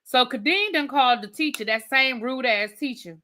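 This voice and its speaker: A woman's voice: sits high, normal speed. A woman hosting a casual live TV review, recapping scenes with chatty asides to her viewers. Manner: chatty, animated storytelling with frequent asides to viewers. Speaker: TV review host.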